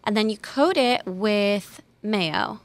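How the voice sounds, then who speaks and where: A woman's voice: mid-range voice, slow pace. A mother co-hosting a casual chat, talking with enthusiasm and plenty of emphasis.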